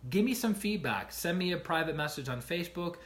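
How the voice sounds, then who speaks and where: A man with a voice pitched a little higher than most, talking casually on a livestream. He tells stories in an animated way, acts out the people in them, and keeps asking "right?" to check in with his listeners. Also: fairly quick. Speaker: life coach streaming to viewers.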